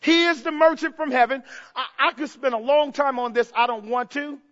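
A male preacher delivering a fervent sermon, swinging from hushed tones to shouts and putting rhetorical questions to the congregation. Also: extremely high pitch, moderate pace. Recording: dull lo-fi recording.

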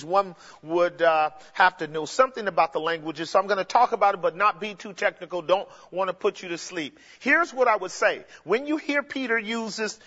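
A man's voice: high voice, a bit bright. A man preaching an expository sermon, explaining the text emphatically and addressing the congregation directly. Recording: dull lo-fi recording with long hall reverb.

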